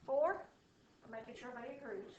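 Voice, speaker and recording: A woman teaching math to a class, explaining slowly and checking often that students follow. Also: a little high, lo-fi sound, slight background noise. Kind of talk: classroom lecture. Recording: echoey room from far off.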